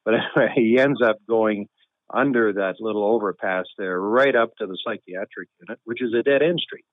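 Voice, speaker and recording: A man telling a long anecdote in a relaxed, wry way with chuckles and deadpan humor. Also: lowish voice, fairly quick, no echo. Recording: tinny phone-like line, dry.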